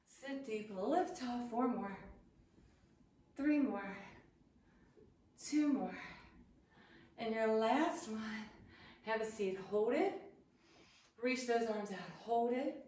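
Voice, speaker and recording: A woman yoga instructor guides a class with steady, encouraging cues and counted holds. Her voice rings out in a very reverberant room and sits at a distance from the microphone, with a faint hiss of noise underneath. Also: fairly high pitch, slow pace, long pauses.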